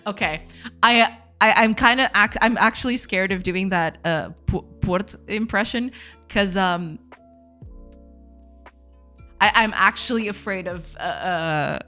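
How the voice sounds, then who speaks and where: A woman's voice: medium pitch, a little slow, pauses often, pushed and bright, soft background music. A woman streaming game development live, chatting casually with her viewers, laughing often and repeating herself in a self-deprecating way.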